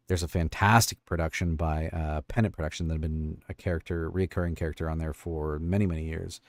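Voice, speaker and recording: A man's voice: low-pitched, a little mellow, no room sound, clean studio sound. A man hosting a casual livestream, rambling and thinking aloud as he fiddles with his stream tools. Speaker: livestream host and voice actor. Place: home studio.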